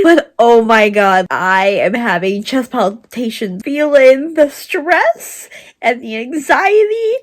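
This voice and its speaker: Young woman, book vlog, high voice, slow unhurried talk, gushing and emotional, casual swearing. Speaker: book vlogger.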